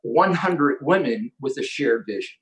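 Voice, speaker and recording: A man hosting an online conference, telling an inspirational story with excitement and acting out the quotes. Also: medium pitch, unhurried, slight background noise, poor audio. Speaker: host.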